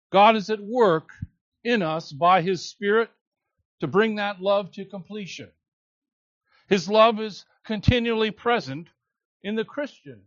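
A man delivers an expository sermon at a deliberate, unhurried pace, leaning hard on key words. His voice sits high for a man. The recording is dry and a little muffled. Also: no room sound. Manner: slow, emphatic preaching with drawn-out key words. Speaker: pastor. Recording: slightly dull, lo-fi sound.

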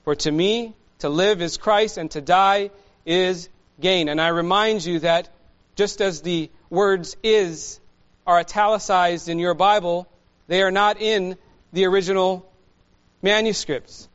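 A man preaching a sermon to his congregation, slow and measured, with emphatic pauses. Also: high voice, fairly even intonation, a bit bright, muffled recording. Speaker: pastor.

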